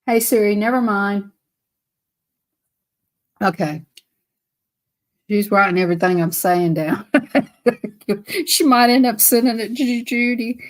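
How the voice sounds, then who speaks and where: A woman's voice: mid-range voice, takes it slowly, pauses often. A woman telling casual stories on a live stream, chatty and laughing often as she acts out voices. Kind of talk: casual storytelling.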